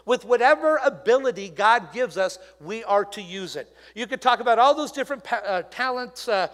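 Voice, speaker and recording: High-voiced man preaching in a reverberant church. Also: moderate pace. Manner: conversational, animated preaching with asides. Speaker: pastor. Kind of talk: sermon. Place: church sanctuary.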